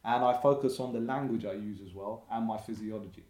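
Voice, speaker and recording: A man's voice: on the low side, brisk, dark tone, reverberant. A man talking as a podcast guest in a casual, upbeat, motivational way.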